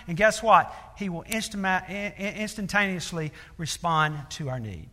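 A man's voice: sits high, animated, normal speed, few pauses, bright, forceful tone. A man preaching a sermon, telling a story earnestly with many fillers and building to emphatic appeals. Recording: long reverb of a large hall.

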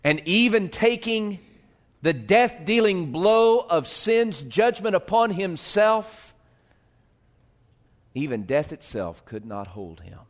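A male pastor preaching a sermon, swinging from hushed, slow lines to loud, rising appeals. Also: high-pitched, very animated.

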